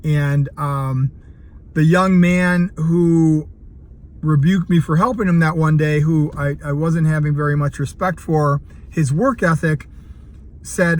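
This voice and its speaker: A CrossFit coach in his fifties tells a personal story in a casual vlog, speaking earnestly with plenty of fillers and restarts. His voice is fairly high, with fairly even intonation and a slow pace.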